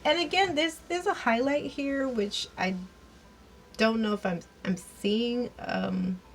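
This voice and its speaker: A woman's voice: fairly high pitch, takes it slowly, slight background noise. A woman giving a chatty, rambling recap of a TV episode, full of fillers and restarts. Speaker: TV episode reviewer.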